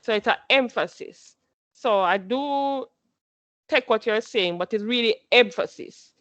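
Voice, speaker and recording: A woman with a slightly high, fairly bright voice teaches a computer class, unhurried and patient, going step by step, repeating each instruction and quizzing her students. The audio is dull and dry, with no room sound.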